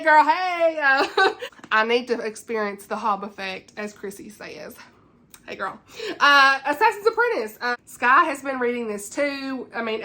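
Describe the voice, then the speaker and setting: A young woman who vlogs about books chats casually to camera, greeting viewers by name and giggling often. Her voice is a little high, with a sharp tone.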